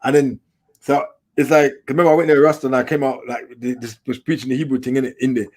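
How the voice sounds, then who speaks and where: A man's voice: medium pitch, fast talker. A middle-aged man, guest in an interview, telling his stories in casual street slang. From England. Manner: street slang, animated storyteller. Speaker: documentary filmmaker, guest.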